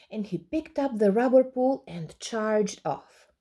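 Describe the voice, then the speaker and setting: A woman reading a picture book aloud to children in a slow, gentle, expressive way. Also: fairly high pitch. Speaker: children's storyteller.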